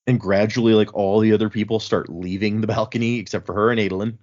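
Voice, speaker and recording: A man's voice: lowish voice, level tone, fast, darkish tone, lo-fi sound. A man co-hosting a podcast, casually and animatedly retelling book chapters with chuckles and loose fillers. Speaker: podcast co-host.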